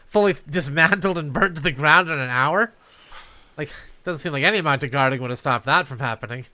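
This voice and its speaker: A man performing an improvised comedy scene, delivering his lines in an earnest, deadpan way. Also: on the high side, brisk.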